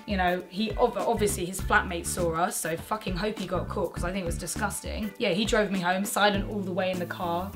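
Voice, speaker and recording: A woman's voice: mid-range voice, a little fast, few pauses, music in the background. Frank woman telling a story. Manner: frank, animated storytelling with lots of swearing. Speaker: co-host. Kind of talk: casual chat.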